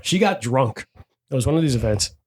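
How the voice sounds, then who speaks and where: Male podcast host, casual storyteller, husky, very expressive pitch. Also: moderate pace. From Dominican heritage. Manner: animated storyteller, swears freely, acts out quotes. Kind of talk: casual chat.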